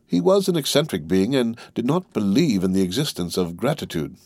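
A man's voice: on the low side, sing-song, brisk, darkish tone, no echo, pitched above the performer's own voice. A man reading the part of a grave, mysterious count in an audiobook, earnest and restrained. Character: grave, mysterious nobleman count, middle-aged.

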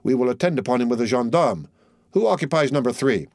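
A brisk, commanding police sergeant, voiced by a male narrator, barks out orders in an audiobook. The sound is dry and close, with no room echo. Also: mid-range voice, lively intonation, a little mellow. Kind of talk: audiobook character voice.

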